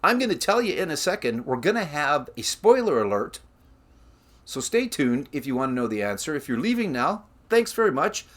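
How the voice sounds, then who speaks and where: A man's voice: a little high, very animated, normal speed, fairly bright tone. A Canadian man hosting his own record-collecting vlog, chatting casually with rambling asides about the albums he shows. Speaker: record collector channel host.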